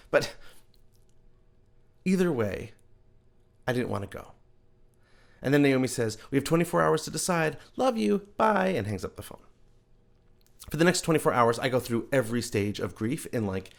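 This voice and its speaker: Gravelly New man telling a story. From New York. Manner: animated, jumping to high comic voices for his own inner thoughts. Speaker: host and storyteller. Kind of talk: personal storytelling monologue. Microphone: video call.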